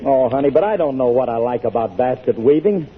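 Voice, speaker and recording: A man's voice: medium pitch, lively intonation, a little fast, narrow, tinny audio, close to an everyday voice. A man playing a lazy, dim-witted, wisecracking husband in a 1940s radio sitcom, on a scratchy old broadcast. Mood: brash. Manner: brash wisecracking delivery.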